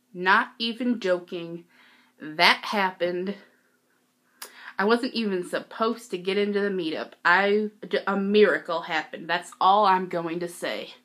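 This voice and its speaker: Bright, slow-talking giggly teen girl. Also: mid-range voice. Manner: giggly, excitable, peppered with "like". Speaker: vlogger. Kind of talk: casual storytelling vlog.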